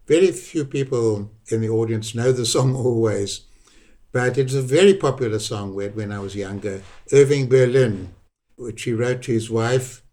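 Slow, reflective older South African man. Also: mid-range voice, a little mellow. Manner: unhurried, repeats words for emphasis. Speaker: interview guest. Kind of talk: reflective personal storytelling.

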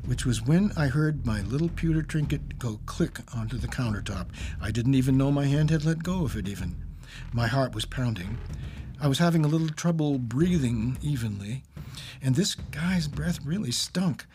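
A man's voice: mid-range voice, animated, moderate pace, warm tone, slight background noise. A man who teaches English, telling a personal story in a wry, self-mocking way.

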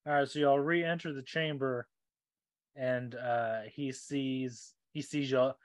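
A man narrating as game master in a tabletop game, in a relaxed, halting way. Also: medium pitch, no room sound.

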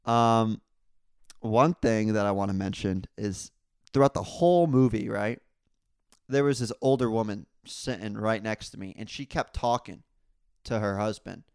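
A young man hosting a casual solo podcast, telling rambling stories full of crude jokes and swearing, and getting louder and higher when he is worked up. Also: a little slow, clear, resonant tone, dry recording, clean studio sound. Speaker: podcast host.

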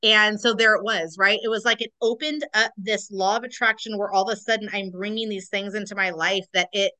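A woman's voice: mid-range voice, fairly even intonation, a little fast, bright, forceful tone. A woman speaking as a podcast guest, a Reiki practitioner describing her work in an earnest, affirming way. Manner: earnest, affirming, spiritual wording. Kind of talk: casual conversation.

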